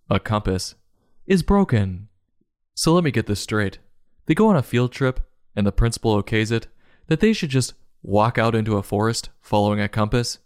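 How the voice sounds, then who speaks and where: A man roasting a children's book in a sarcastic, mocking way. His voice is low and his delivery is very lively and animated. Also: dry recording, studio quality. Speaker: book reviewer. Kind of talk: comedic book review.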